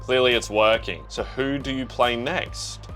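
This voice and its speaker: Young aussie dude hyped up reacting to manga, lots of bro talk, average pitch, bit of music under it. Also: male voice, a little slow. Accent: Australian. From Australia. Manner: excitable, slangy, talks to himself and the viewer. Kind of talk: casual reaction commentary.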